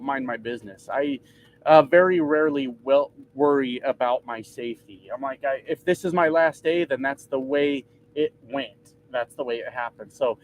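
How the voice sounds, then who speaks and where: A man's voice: fairly high pitch, a little hiss or hum, poor audio. A man driving a truck and chatting casually with his livestream viewers, joking and swearing as he rambles. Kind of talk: casual live chat reading comments. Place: truck cab.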